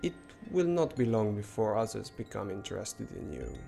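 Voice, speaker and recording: A formal, cryptic male guide of a digital realm, voiced by a man running the game. His low voice has a gravelly fry. He speaks slowly and with courtly precision. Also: big pitch swings, mellow, soft background music. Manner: slow, measured and courtly.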